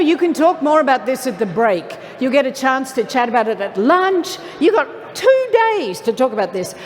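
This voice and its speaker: A middle-aged woman giving a motivational keynote, playful and talking straight to her audience from the stage. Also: fairly high pitch. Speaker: keynote speaker. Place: large event hall. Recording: reverberant hall.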